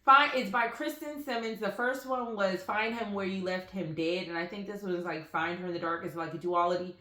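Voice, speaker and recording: A woman's voice: mid-range voice, normal speed. A woman vlogging about books she bought, chatting casually and telling rambling stories full of fillers, recorded on a phone. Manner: rambling, animated storytelling with frequent fillers. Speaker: book vlogger. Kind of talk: casual chatty book haul vlog. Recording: roomy echoey room.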